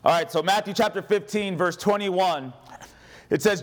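A man preaching a sermon as pastor, animated and humorous, calling on the congregation to respond. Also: high-pitched, normal speed.

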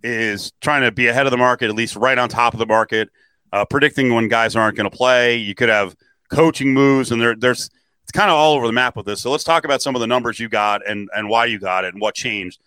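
A man's voice: medium pitch, fast, sharp tone, clear, resonant tone, no room sound. A man hosting a sports talk radio show, chatting and reading out call-in numbers and promotions. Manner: chatty, reads phone number and ad plugs.

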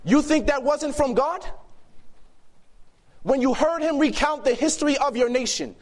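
A man preaching a sermon to a youth gathering, emphatic and shifting between loud and hushed delivery. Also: extremely high pitch, normal speed. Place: youth camp meeting hall.

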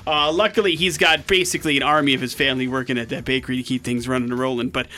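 A man's voice: medium pitch, steady tone, bright, forceful tone. A man hosting a morning radio show, upbeat and jokey, running call-in games and reading promos in a studio. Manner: upbeat, quick, jokey, reads phone number and promos. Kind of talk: casual morning radio banter.

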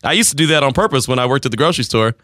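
A man's voice: medium pitch, lively intonation, very fast, a bit bright, a little hiss or hum. A man in his forties hosting a sports radio show, talking in teasing banter and laughing often. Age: 40s. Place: radio studio.

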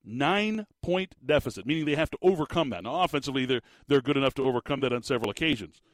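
A man hosting a casual sports talk show, rambling and animated with lots of restarts. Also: mid-range voice, fast, no room sound. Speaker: sports podcast host.

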